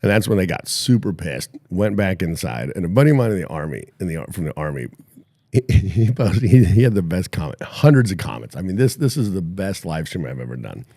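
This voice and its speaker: A man's voice: low-pitched, big pitch swings, a little fast, mellow, no room sound. A man hosting a podcast, telling a long story in a boastful, mocking way and laughing at his own jokes. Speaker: podcast host. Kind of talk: casual storytelling chat.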